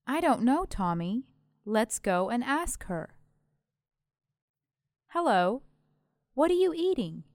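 A woman voicing a friendly British schoolgirl at a party, speaking slowly and carefully in a scripted language-lesson dialogue. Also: on the high side, very animated, a little mellow, no room sound, clean studio sound. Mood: cheerful.

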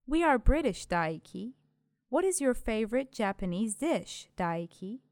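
A woman voicing a friendly British schoolgirl at a party, speaking slowly and carefully in a scripted language-lesson dialogue. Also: fairly high pitch, big pitch swings, darkish tone, dry recording, clean studio sound. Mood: cheerful.

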